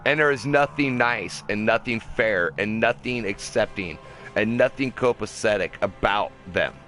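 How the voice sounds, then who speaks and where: A young man with a low, deep voice delivers a heated, profane rant, preachy and pissed off. He talks from his car, with faint music playing behind him. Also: a little slow, sharp tone. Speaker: vlogger. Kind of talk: angry ranting monologue. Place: in a car at a drive-through.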